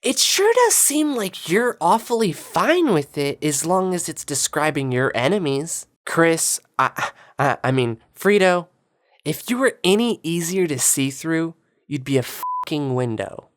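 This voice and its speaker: A woman's voice: sits low, unhurried. A woman giving sarcastic, taunting commentary over video clips. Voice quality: sarcastic, taunting, lively inflection. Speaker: political commentator.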